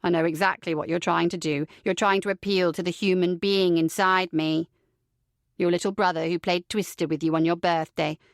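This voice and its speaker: A woman's voice: lowish voice, fairly even intonation, moderate pace, no echo, studio quality, pitched below the performer's own voice, natural voice. A woman voicing a sneering cruel young man. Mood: contemptuous. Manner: contemptuous, taunting, foul-mouthed. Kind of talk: audiobook character reading.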